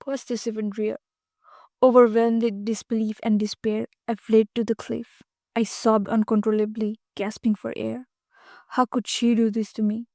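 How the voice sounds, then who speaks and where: A woman reads a mystery story aloud in the first person, with dramatic, emotional delivery. Her voice is somewhat high, and the recording is dry and close, with no room echo. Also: little pitch movement, normal speed, a little mellow. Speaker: audiobook narrator. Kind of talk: scripted first-person narration.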